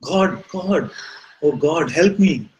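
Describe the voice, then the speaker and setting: A man voicing a frantic man hanging from a cliff, shouting desperate pleas for help. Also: medium pitch, fairly even intonation, fast talker, natural voice, poor audio.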